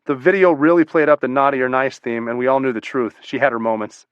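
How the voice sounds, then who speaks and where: A man reads a first-person memoir at a steady, measured pace, plain and matter-of-fact, his voice at an ordinary middle pitch. The recording is dull and bone-dry. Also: smooth, dry recording. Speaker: audiobook narrator.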